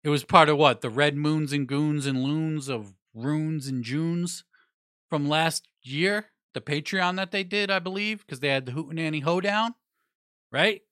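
Casting note: male vlogger, fairly high bright voice, blunt and profane, rambling delivery. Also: a little slow, no echo, clean studio sound. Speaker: music news vlogger. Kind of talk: casual opinionated review.

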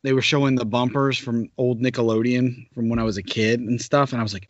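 A man in his thirties co-hosting a casual chat, relaxed and hesitant, trailing off with fillers, in a dull, muffled recording. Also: mid-range voice, a little fast, no echo.

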